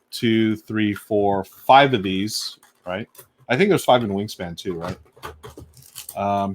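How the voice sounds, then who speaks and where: A man with a fairly low voice hosts a casual live stream from a home desk. He talks enthusiastically and loosely, greeting viewers and thinking aloud with fillers. He munches snacks between sentences. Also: slight background noise. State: munching snacks while talking. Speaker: host unboxing board games on a live stream. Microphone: desk microphone on a live stream.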